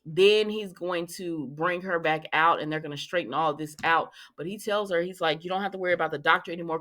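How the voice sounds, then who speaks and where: A chatty woman recapping a soap opera, slipping into the characters' lines and reacting loudly to twists. Her voice sits a little low for a woman, and she talks in a loose, conversational way. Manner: chatty, retells scenes acting out the lines with lively reactions. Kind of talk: casual chat.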